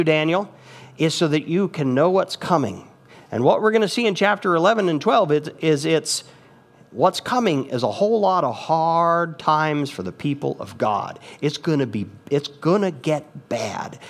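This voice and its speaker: A man in his fifties, a pastor, preaching a sermon with expressive, emphatic rises and asides. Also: on the high side. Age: 50s. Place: church sanctuary.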